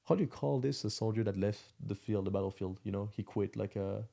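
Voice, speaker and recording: A young Frenchman with a French accent talks fast in a gravelly, low voice. His tone is dark and mellow. He pads his English with fillers and gropes for words as he chats on a podcast. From France. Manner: halting, many fillers, searches for English words. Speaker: podcast guest. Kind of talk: casual chat.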